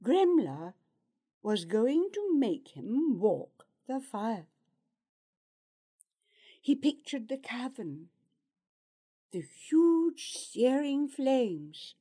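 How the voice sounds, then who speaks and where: Slow, expressive woman narrator for an audiobook, lively pitch, measured storytelling delivery.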